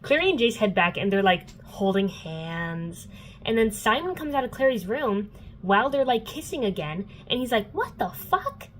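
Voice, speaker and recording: A young woman recapping a novel for her viewers in a loose, chatty flow, dropping "like" into nearly every phrase and swearing freely. Her pitch sits at an ordinary middle height, with a faint hum of noise behind her. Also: animated, moderate pace, rough recording. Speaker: book vlogger. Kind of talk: casual book recap.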